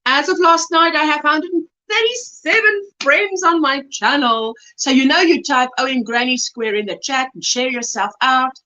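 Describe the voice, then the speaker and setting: A woman's voice: sits high, normal speed, few pauses, sharp tone, dull audio. A South African woman hosting a casual livestream, reading viewers' chat messages aloud and answering them, laughing often as she talks. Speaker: livestream host.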